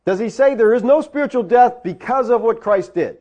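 A man's voice: very high voice, animated, fairly quick, darkish tone, muffled recording. A man delivering a teaching sermon, explaining words from the Greek and driving points home with rhetorical questions. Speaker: preacher.

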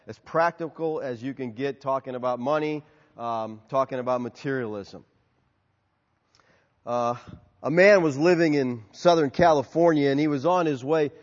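A pastor delivering a conversational sermon to his congregation, telling stories and sometimes acting out shouted lines. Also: medium pitch. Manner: conversational, storytelling with acted-out shouts. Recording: dull, lo-fi audio with long hall reverb.

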